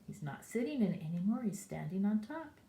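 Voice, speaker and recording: A woman as a preschool teacher reading a picture book to young children and asking them questions, in an animated way. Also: mid-range voice, fairly quick. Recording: echoey room.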